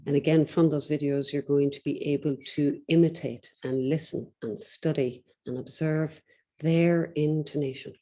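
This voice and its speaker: In an online lesson on exam speaking skills, a woman tutor explains things instructively, with frequent ums and deliberately slow pauses. Her voice sits low and mellow, with fairly even intonation.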